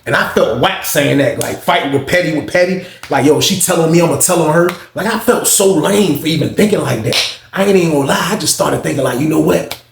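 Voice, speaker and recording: A man's voice: a little high, brisk, creaky. A man rattles off a personal story at speed, swearing freely and switching between the voices of the people he quotes. The room around him rings with echo, and a faint hiss sits underneath. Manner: animated, profane, acts out both sides of conversations. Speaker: storyteller recounting his own past. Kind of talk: casual storytime monologue.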